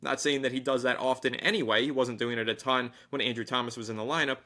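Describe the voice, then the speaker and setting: A man's voice: medium pitch, steady tone, quick pace, pushed and bright. A man co-hosting a sports podcast, chatting casually about football picks and betting lines. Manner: enthusiastic, reads sponsor plug.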